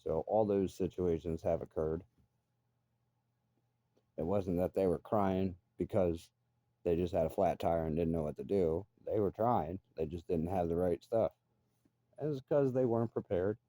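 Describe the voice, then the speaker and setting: Middle-aged guy ranting, cussing, really dark mellow voice, super dry close mic. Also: low voice, measured pace, no echo. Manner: blunt, profane, grumbling. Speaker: vlogger. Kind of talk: casual monologue rant.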